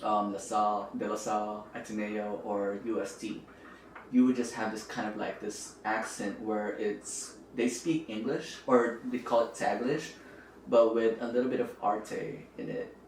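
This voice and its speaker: A man's voice: on the low side, level tone, measured pace, a little mellow, slight background noise. A young man from the Philippines, a podcast guest chatting casually and playfully, with lots of likes and hedges. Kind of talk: casual chat. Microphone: camera microphone, not the podcast mic. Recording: roomy audio from a distant camera mic.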